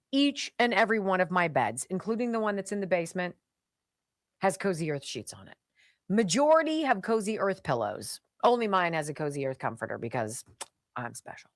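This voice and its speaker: A woman's voice: medium pitch, dry recording. Chatty woman radio host, dry studio sound. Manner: chatty, emphatic, jokey and sarcastic. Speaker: radio talk show host. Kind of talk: live radio host reading sponsor ads.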